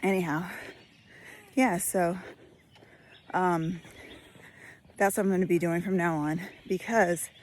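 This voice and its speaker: A slightly breathless woman with a lilt talks through her thoughts as she walks outdoors. Her voice sits on the lower side and she pauses often to think. Faint birdsong and outdoor ambience sit behind her. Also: fairly even intonation, a little hiss or hum. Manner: thoughtful, musing, many fillers. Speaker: vlogger. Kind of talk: casual spoken reflection while walking. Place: outdoors on a walk.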